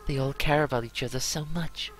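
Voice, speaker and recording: A man's voice: mid-range voice, fairly quick, a little hiss or hum, lightly acted, rough recording. A man reading as a remorseful young monster boy. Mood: tender. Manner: soft, earnest, apologetic reading. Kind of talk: reading game dialogue aloud.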